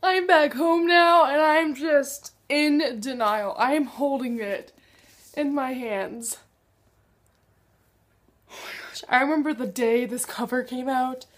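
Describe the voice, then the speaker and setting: A teenage girl vlogging about a new book, gushing and swinging between hushed whispers and excited squeals. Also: sits high, takes it slowly, pauses often. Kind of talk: excited casual vlog. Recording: faint background noise.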